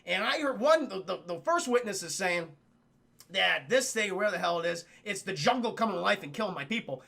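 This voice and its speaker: A man's voice: sits high, expressive, fairly quick, gravelly, sharp tone. A man livestreaming a casual film recap, rambling and profane, often addressing his chat. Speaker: film review streamer.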